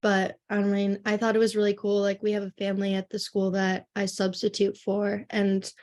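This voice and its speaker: Young female student, relaxed filler-heavy class report. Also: mid-range voice, normal speed. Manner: casual, full of "like" and "um". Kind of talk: class presentation.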